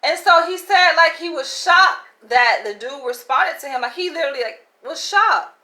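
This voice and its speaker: A woman talks straight to her viewers in a casual, candid storytelling way, peppering her sentences with "like" and "right?". Her voice sits a little high and sounds bright and forceful, and she laughs easily as she goes. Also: lively intonation, moderate pace, poor audio. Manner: chatty and candid, many "like" and "right?" asides, laughs often. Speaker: vlogger.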